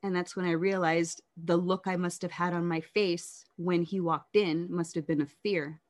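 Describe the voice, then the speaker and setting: A woman telling her life story in an interview, candid and reflective, often halting and restarting. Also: lowish voice, steady tone.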